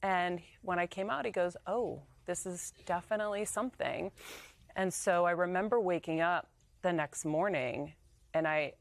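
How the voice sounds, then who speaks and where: Interview guest, woman, 30s; candid, emotional storyteller, lower voice, dry studio mic. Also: moderate pace, no room sound. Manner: emotional, animated retelling with quoted dialogue.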